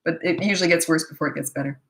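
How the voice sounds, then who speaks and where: A middle-aged woman coaching parents in a live question-and-answer chat, blunt and matter-of-fact, with quick asides. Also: sits low, roomy sound, low-quality recording.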